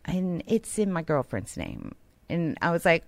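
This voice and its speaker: A woman radio co-host, chatting casually and telling an animated story, acting out other people's lines. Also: sits low, unhurried, gravelly, no echo. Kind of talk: casual on-air banter and storytelling.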